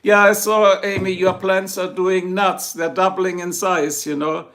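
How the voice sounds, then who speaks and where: In a casual live chat from his home in Ohio, a German livestream host with a German accent reads comments, jokes, and calls out viewers by name. He speaks unhurriedly in a high, somewhat bright voice with flat delivery.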